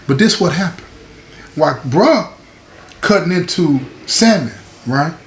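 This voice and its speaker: In an echoey room with faint background noise, a man hosting his own show speaks in a fairly high, expressive voice, a little slowly. He tells a story conversationally, often checking in with "right?" and "you know what I'm saying."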